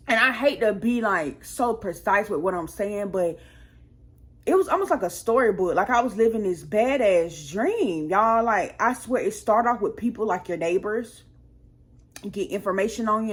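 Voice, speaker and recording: Husky-voiced woman telling a profane story. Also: medium pitch. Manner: rambling and profane, acting out her own heated quotes. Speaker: storytime channel host. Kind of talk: casual storytime monologue.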